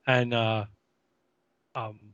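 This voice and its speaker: A man co-hosting a podcast, recapping an episode in a relaxed, halting way with fillers. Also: mid-range voice, clear, resonant tone, dry recording, lo-fi sound. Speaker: podcast co-host. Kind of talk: casual recap chat.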